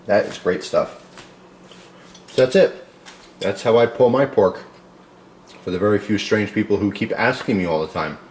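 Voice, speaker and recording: A man hosting a casual home cooking video, talking loosely with many fillers and pausing to taste. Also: lowish voice. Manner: rambling, loose, tasting food mid-talk with filler words.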